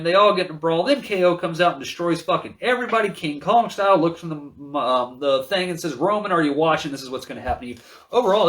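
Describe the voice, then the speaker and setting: A man's voice: high voice, a bit bright. A man co-hosting a podcast, recapping wrestling in casual, profane chat while reading from his notes. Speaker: podcast co-host.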